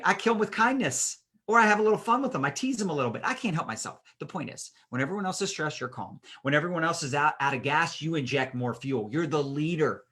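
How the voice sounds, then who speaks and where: Man, business coach, motivational leadership talk, casual, very animated intonation, bright tone. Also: fairly high pitch. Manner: casual, animated, acts out voices of people he quotes. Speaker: business coach leading a training session.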